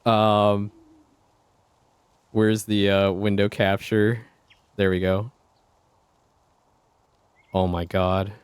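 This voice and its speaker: A man's voice: on the low side, flat delivery, drawn-out words, long pauses, clean tone, dry recording. A man chatting casually on a game stream, playful and laughing often.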